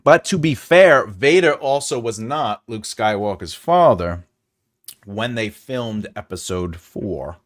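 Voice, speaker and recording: A man's voice: fairly low pitch, expressive, slow pace, no room sound, clean studio sound. A man hosting a casual livestream as a writing teacher, chatty and jokey, chuckling often and greeting viewers by name.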